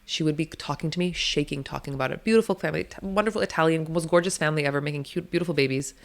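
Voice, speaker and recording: Fast-talking, low-voiced woman. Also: gravelly. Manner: blunt, emphatic, swears freely; rapid, run-on storytelling. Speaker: doula, interview guest. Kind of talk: candid storytelling interview.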